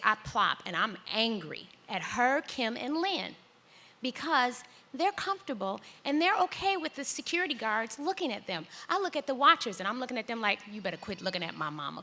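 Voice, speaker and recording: A middle-aged woman telling a personal story on stage in a large hall, acting out the voices with big jumps in pitch. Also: sharp tone. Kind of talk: live storytelling performance.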